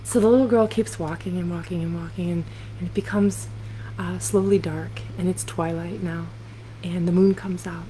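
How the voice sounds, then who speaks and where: Gentle storytelling woman on a laptop mic. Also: on the low side, steady tone, a little hiss or hum, low-quality recording. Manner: gentle, unhurried storytelling with hesitant fillers. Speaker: singer-songwriter. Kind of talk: storytelling on a livestream. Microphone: laptop computer mic.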